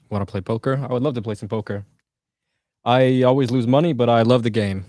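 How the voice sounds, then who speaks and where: A man's voice: mid-range voice, normal speed, darkish tone, no echo, studio quality. Joking, chatty man livestreaming. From United States. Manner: joking, chatty, reading out viewer comments. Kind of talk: casual livestream chat.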